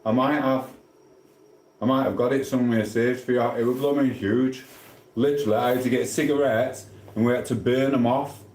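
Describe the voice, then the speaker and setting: A man's voice: mid-range voice, steady tone, normal speed, darkish tone. A middle-aged man from England with a Sheffield accent, chatting cheekily and rambling as he answers his livestream chat. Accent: Sheffield English. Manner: chatty, cheeky, swears casually. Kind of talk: rambling casual live chat. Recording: echoey room.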